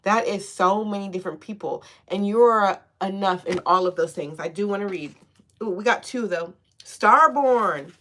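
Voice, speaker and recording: A woman giving a casual spiritual tarot reading, sassy and slangy with swearing and a steady stream of encouragement, often checking in with "okay?". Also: mid-range voice, moderate pace. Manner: sassy, slangy and profane, with frequent "okay?" and laughs; encouraging and affirming. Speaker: tarot reader.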